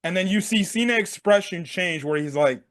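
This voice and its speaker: A young man casually recapping a wrestling event for his sports channel, slangy and excitable, laughing and acting out what people said. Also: high voice, moderate pace. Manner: excitable, slangy, laughs a lot, acts out quotes. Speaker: sports commentary vlogger.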